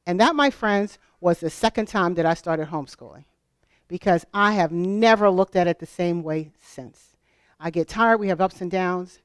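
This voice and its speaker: Smooth-voiced middle-aged woman telling stories. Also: medium pitch, no room sound, studio quality. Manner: animated, conversational, asks the audience questions. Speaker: speaker at a homeschool convention. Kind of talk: storytelling conference talk.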